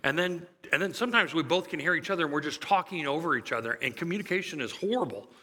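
A middle-aged pastor preaches in a relaxed, storytelling way, chuckling now and then. His voice is very bright and ringing, and it carries a long reverb from the large hall around him. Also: a little high, fast. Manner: conversational storytelling, lively and chuckling. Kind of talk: sermon.

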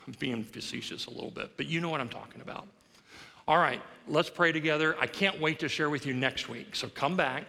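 A man's voice: a little high, brisk, vocal fry, sharp tone. A middle-aged male pastor preaching a sermon, telling a story with humor and self-deprecation. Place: church sanctuary. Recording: long reverb of a large church hall.

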